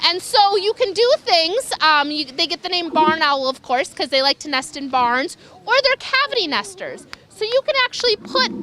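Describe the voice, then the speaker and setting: A woman's voice: sits high, bright, forceful tone, slight background noise. A young woman giving an enthusiastic wildlife lecture to an audience, sometimes imitating animal calls. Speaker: raptor educator. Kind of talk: public lecture.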